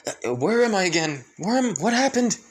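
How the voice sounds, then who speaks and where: A man voicing a brash, loud young male ninja in a fan-made story. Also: mid-range voice, steady tone, normal speed, natural voice. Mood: bewildered. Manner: shouting, blunt.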